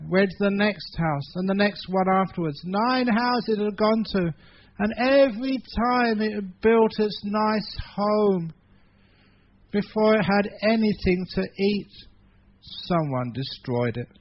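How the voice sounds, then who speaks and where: A monk with an English accent tells a story in a sermon, with a fairly high voice. He is animated, swinging from hushed to loud. The recording is dull and lo-fi with faint hiss. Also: measured pace. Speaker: monk giving a Dhamma talk. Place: meeting hall.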